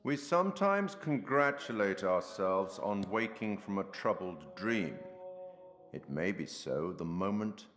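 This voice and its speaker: An actor playing an enigmatic male curator in a video game, speaking in a measured, musing, theatrical way. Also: fairly low pitch, animated, a bit bright. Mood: brooding. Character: enigmatic older male curator, wry and sinister. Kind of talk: video game character dialogue. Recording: roomy reverb with music.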